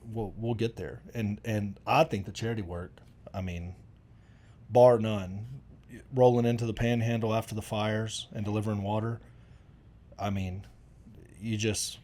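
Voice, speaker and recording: A man's voice: on the low side, fairly even intonation, moderate pace, mellow. A middle-aged man, chatting casually and telling rambling, folksy stories with lots of restarts. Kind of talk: casual conversation.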